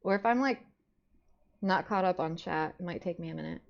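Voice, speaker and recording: A woman's voice: fairly quick, vocal fry. A young woman streamer chatting casually to her viewers, rambling through a story with lots of filler words. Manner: bursts into high squeaky greetings to chat. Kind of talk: casual live-stream chat. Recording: slightly dull lo-fi stream audio.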